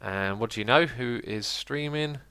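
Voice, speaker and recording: A man hosting a gaming livestream in a casual, chatty way, reading viewer messages aloud and thinking out loud as he explains. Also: medium pitch, normal speed, clear, resonant tone. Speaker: livestream host.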